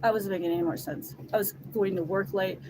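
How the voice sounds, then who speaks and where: Woman, emotional testimony, profane, halting restarts, loud then hushed, noisy background. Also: mid-range voice. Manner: swings between loud outbursts and quiet sighs. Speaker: storyteller giving a personal testimony.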